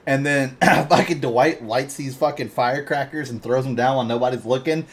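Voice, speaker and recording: A man co-hosting a podcast in casual chat, retelling a story in an animated way, swearing constantly and laughing often. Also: medium pitch, moderate pace, breathy edge. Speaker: podcast co-host.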